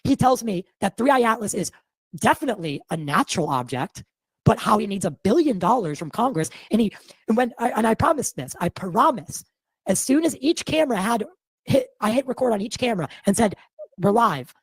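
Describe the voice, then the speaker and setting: A man from Massachusetts hosting a podcast, telling a story in a rambling, animated way and swearing freely, audibly shaken. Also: sits high, brisk, slightly rough, dry recording. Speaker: podcast host.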